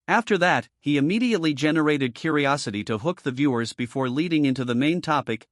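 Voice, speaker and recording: A man reading a scripted comic story recap in an even, steady narrating manner. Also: fairly high pitch, quick pace, hardly any pauses, dry recording, clean studio sound.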